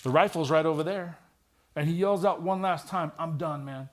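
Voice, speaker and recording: Retired cop guy telling his story at church, kinda high voice, dramatic w/ dry jokes. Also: fairly even intonation, moderate pace. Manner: vivid, dramatic retelling with wry humor. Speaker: retired police detective. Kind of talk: personal testimony storytelling.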